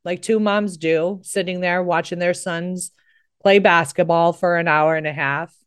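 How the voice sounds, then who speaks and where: A woman's voice: fairly low pitch, steady tone, a little slow, smooth. A middle-aged American woman hosting a talk show, speaking earnestly and with emphasis. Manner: earnest, emphatic, rising with emotion. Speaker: host. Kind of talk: impassioned talk show monologue.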